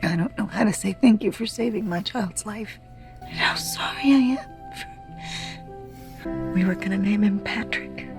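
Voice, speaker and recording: A woman's voice: medium pitch, a little slow, vocal fry, long pauses, music in the background. An actress playing an exhausted, anxious mother of a sick baby, with a strained, pleading delivery. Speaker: character in a TV drama clip.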